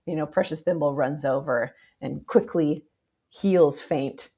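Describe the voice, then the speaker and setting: A woman's voice: measured pace, husky. A woman co-hosting a book club podcast, casually retelling scenes and acting out characters' lines. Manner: animated retelling, acting out characters' lines with big pitch jumps.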